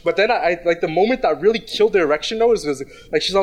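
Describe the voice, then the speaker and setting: A man with a fairly high voice tells a story in casual conversation. He rambles, restarts often and leans on fillers, and he speaks in a crude, blunt way. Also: rapid-fire.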